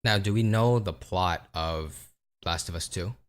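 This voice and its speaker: Deep low-voiced guy, chill podcast game talk, teasing, swears a bit. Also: measured pace. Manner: relaxed, teasing, swears casually. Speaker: podcast co-host. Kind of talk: casual chat about video games.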